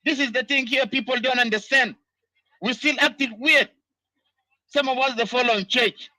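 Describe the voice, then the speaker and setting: A man's voice: extremely high pitch, moderate pace, sharp tone, dry recording, low-quality recording. A man from Sudan, delivering an angry, impassioned political monologue full of repeated "you know"s. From South Sudan. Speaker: diaspora political commentator.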